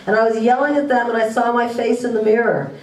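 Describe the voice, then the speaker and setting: Speaking quickly in a steady tone, a fairly high-voiced woman presents to parents, giving sincere advice and using tag questions to check in. The school room echoes, and the mic sits far away.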